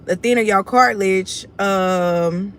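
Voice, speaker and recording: This Houston, Texas livestream host is a young woman with a Southern Houston accent who addresses viewers as y'all, sounding confident, blunt, and casual. She talks slowly at a medium pitch, with slight background noise.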